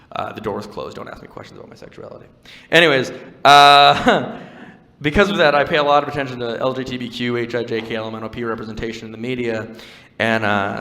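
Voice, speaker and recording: Performing stand-up in a live venue with long reverb, a young man chats wryly with the crowd and tells self-deprecating stories. His delivery is conversational with playful crowd work, and his voice is on the low side, bright and forceful.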